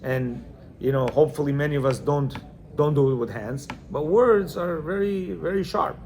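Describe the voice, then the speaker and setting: A man's voice: a little high, normal speed, darkish tone, slight background noise. A man teaching a religious class, reading from a book and explaining each passage in plain words and checking in with his listeners. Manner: talks in bursts with many restarts.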